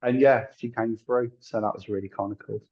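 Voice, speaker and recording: A husky, fairly low-pitched man in middle age, chatting through a video call and spinning lively anecdotes. He laughs readily and slips into the voices of people he quotes. The sound is dull and lo-fi. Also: brisk. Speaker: guest, tarot reader and psychic medium. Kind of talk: casual storytelling in an interview.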